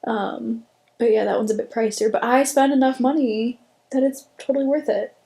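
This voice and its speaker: Giggly high-voiced woman podcaster. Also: steady tone, normal speed, warm tone, roomy sound. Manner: laughs hard, giggly and exclaiming. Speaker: podcast co-host. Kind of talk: casual chat.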